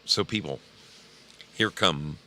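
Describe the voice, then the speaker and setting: A man's voice: a bass voice, slow pace, pushed and bright. A tired man hosting a casual livestream, chatting with viewers and reading their names, drawling and swearing freely. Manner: drawling, profane, talks to chat by name. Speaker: livestream host.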